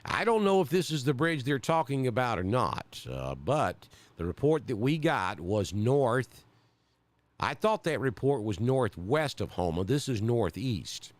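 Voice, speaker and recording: A man's voice: medium pitch, very animated, measured pace, no echo. A man from central Alabama with a Southern accent, giving live storm coverage as a weather broadcaster and thinking aloud with many fillers.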